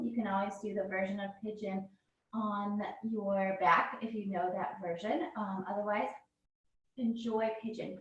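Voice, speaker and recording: A woman's voice: on the high side, dull audio, a little hiss or hum. A woman yoga instructor, a little out of breath, calling out poses and encouraging cues through a guided class. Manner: encouraging cues, frequent "good". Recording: echoey room, voice from far off.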